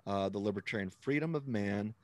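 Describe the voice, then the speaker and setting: A man's voice: on the low side, fairly quick, dry recording. A man who is a Christian author and apologist, explaining ideas step by step as an interview guest and often checking in with "right?". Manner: explanatory, checks in with frequent "right?", steps through ideas with restarts. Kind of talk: conversational interview, explaining theology.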